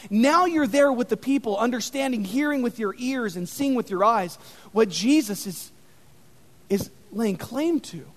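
A man preaching an animated sermon, telling stories with dramatic emphasis. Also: extremely high pitch. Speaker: pastor. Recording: long reverb in a hall.

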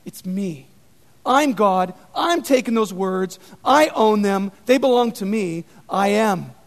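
A man's voice: high voice, expressive, slow pace, voice pushed down, exaggerated voice. A man voicing a figure who solemnly and emphatically declares himself divine. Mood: emphatic. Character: commanding man proclaiming his own divinity. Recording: long reverb in a hall.

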